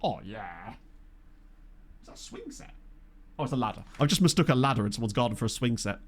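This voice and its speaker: A man with a soft Essex accent chats loosely with his live-stream viewers, wandering off on jokey tangents. His pitch rises and falls in a lively way. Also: fairly quick, a little hiss or hum. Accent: soft Essex home counties English. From Essex, England. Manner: rambling, jokey, chatting with viewers. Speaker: streamer playing a management game. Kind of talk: casual live-stream chat.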